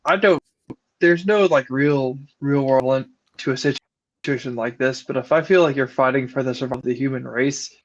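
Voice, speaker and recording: A man joins a casual book talk over a video call, musing aloud with a dry, wry edge. His audio sounds a little dull and lo-fi. His pitch is ordinary. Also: moderate pace. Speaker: book club member. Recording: slightly muffled lo-fi audio.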